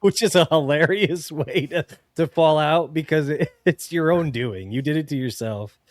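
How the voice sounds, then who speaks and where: A man's voice: on the high side, normal speed, dry recording, clean studio sound. A man co-hosting a podcast, teasing the host in mock-indignant casual chat and laughing often.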